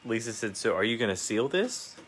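A man's voice: fairly low pitch, big pitch swings, fairly quick, a bit bright, slight background noise. A man co-hosting a casual craft livestream, reading viewer comments aloud and joking along.

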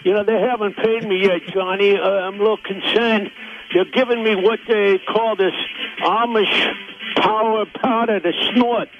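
Sleazy, halting aging disco star, played by a man; pitched high, heard down a dull phone line. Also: fairly even intonation. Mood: rambling. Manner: rambling, halting, with many fillers. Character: sleazy aging male disco singer on tour. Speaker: caller.

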